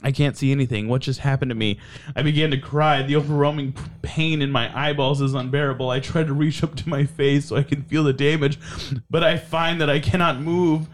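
A man's voice: fairly high pitch, fairly even intonation, brisk. A man co-hosting a comedy podcast, reading fan fiction aloud with mock drama and laughing reactions. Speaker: podcast co-host.

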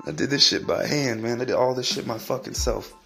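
A man's voice: mid-range voice, gravelly, a bit bright. A man hosting a solo podcast, ranting in a profane, rambling way and repeating himself. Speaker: podcast host.

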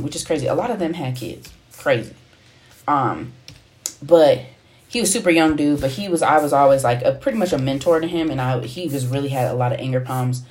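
A woman's voice: a bass voice, darkish tone. A young woman hosting a podcast, telling a story in a loose, slangy way, cursing freely and acting out the dialogue. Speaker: podcast host. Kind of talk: casual storytelling.

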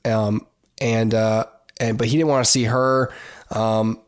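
A man's voice: on the low side, flat delivery, unhurried. A man hosts a podcast by himself and talks loosely, with plenty of ums and restarts. He gives blunt, opinionated takes in a casual tone. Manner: rambling, many fillers and restarts. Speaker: podcast host. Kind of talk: casual solo commentary.

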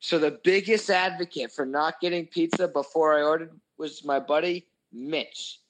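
A young man telling a crude, profane story in a casual chat, animated and full of swearing. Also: on the high side, moderate pace, rough recording. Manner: animated, crude, swears a lot, voices his own anger. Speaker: podcast host telling a story.

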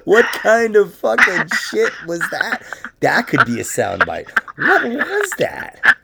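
Gravelly, lively joking man. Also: high voice, slow, heavy background noise. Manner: joking, profane, laughs often. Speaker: podcast co-host. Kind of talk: casual podcast banter.

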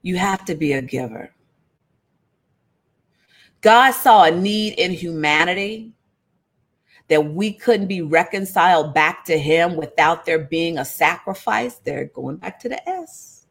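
Unhurried woman Bible teacher, folksy and engaging, calls out to her listeners. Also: lowish voice. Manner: lively and conversational, calling out to listeners. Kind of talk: casual sermon-style Bible teaching.

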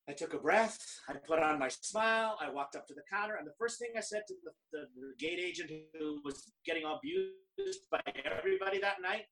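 A middle-aged man from Canada, a professional speaker, telling stories in an animated, conversational way and acting out other people's lines. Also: sits high, far from the mic, rough recording. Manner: animated, quotes others in lively dialogue. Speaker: guest speaker. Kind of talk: conversational storytelling.

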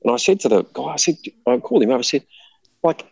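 A man casually telling a rambling, animated travel story, laughing often. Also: medium pitch, quick pace, creaky, slightly rough, no echo, rough recording.

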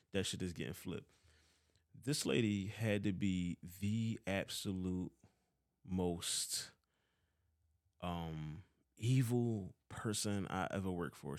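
Profane Philadelphia man with a lowish voice. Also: creaky, a little mellow, no echo, clean studio sound. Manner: profane, heated, swears often. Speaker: vlogger. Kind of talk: casual storytelling rant.

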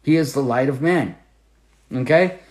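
A man teaching the Bible on a podcast, emphatic and repeating key phrases, with swings between loud preaching and quiet asides. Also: medium pitch, measured pace.

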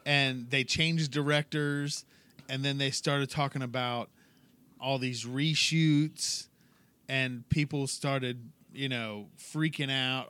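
A man's voice: mid-range voice, fairly even intonation, slow, pushed and bright, clean tone, no room sound. A man chatting casually on a podcast in an easygoing way, laughing along and chiming in. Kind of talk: casual chat.

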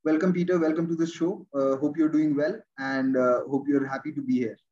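A man hosting an interview show, introducing his guest and asking questions in a halting way, often repeating words. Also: on the high side, fairly even intonation, mellow, soft background music. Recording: dull lo-fi audio.

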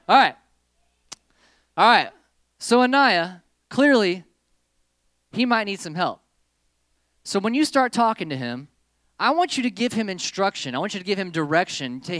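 Lively, bright-voiced youth group leader. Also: mid-range voice, moderate pace, long pauses, no echo, studio quality. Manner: playful, animated, giving stage directions to volunteers. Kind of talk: leading a hands-on group lesson. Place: indoor meeting room with a group.

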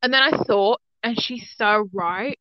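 A woman's voice: mid-range voice, a little slow, highs cut off, a little hiss or hum. A woman co-hosting a casual chat, blunt and cheeky in her jokes. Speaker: podcast co-host.

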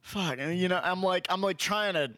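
A man's voice: high-pitched, fairly quick, bright, forceful tone, clear, resonant tone, dry recording, studio quality. A young man in casual chat, animatedly telling a story, swearing and laughing often.

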